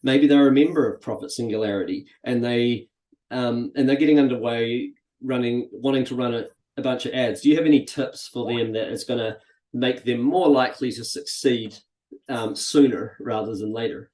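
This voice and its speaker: A man's voice: medium pitch, normal speed. Guy hosting a chill interview, lots of um and you know, echoey room. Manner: relaxed, chatty, many fillers. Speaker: host. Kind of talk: casual interview.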